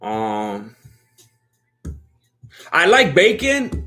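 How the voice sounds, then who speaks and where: Brief: easygoing male streamer, slangy and chatty, fairly high voice, laughing as he reads chat. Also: big pitch swings, slow pace, long pauses, a bit bright, faint music behind. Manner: laid-back and slangy, reads chat questions aloud and laughs often. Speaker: fight watch-along streamer. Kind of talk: casual livestream chat.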